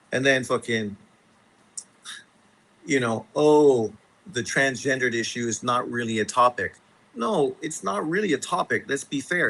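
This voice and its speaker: A man hosting a boxing live stream, going off in a profane, exasperated rant. His voice is bright and forceful, and he talks at a middling pitch. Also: a little hiss or hum, poor audio. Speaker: boxing show host.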